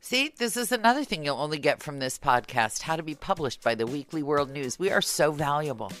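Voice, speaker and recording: A woman hosting a podcast, chatting casually and tossing off dry, quick wisecracks. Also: low-pitched, expressive, a bit bright, faint music behind. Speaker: podcast host. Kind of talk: casual chat.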